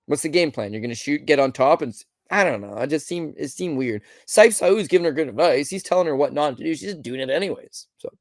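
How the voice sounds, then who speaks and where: An animated podcast host with a slightly high voice speaks quickly, with few pauses and no echo. His solo fight recap is a blunt, frustrated rant packed with swearing and rhetorical questions, and he mimics people mid-flow.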